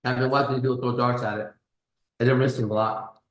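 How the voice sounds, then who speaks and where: A man's voice: little pitch movement, brisk, lo-fi sound. Boastful, profane man in an echoey room. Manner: boastful, profane, swings between low mutters and loud bursts. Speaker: pickup coach host. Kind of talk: casual live stream chat. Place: kitchen.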